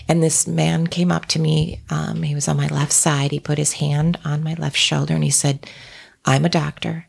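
Middle-aged woman, low gravelly voice, halting and soft, slipping into whispers; interview guest. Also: flat delivery. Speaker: guest, author and shaman. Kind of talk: recounting a personal tragedy in an interview.

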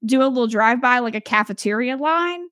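A young woman spinning an animated story on a podcast, laughing as she goes and leaning on fillers. Her voice sits a touch high, recorded close and dry with no room sound. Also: brisk, no echo. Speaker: podcast host. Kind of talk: casual storytelling chat.

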